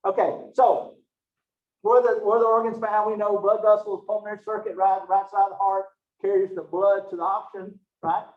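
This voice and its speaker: A man gives a loose, folksy classroom lecture, chatting and joking with his students as he goes. His voice sits high for a man. The room is echoey, he is heard from some distance, and the sound is dull and lo-fi. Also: flat delivery, fairly quick. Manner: folksy and chatty, Southern phrasing. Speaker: college anatomy and physiology instructor.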